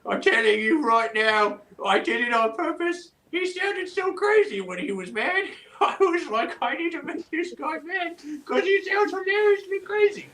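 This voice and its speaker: A high-pitched tall goblin. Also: male voice, animated, moderate pace, hardly any pauses, bright, forceful tone, heavily acted. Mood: amused. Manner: rambling, full of "uh" and "you know". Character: tall easygoing male goblin with ogre blood. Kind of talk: in-character livestream interview.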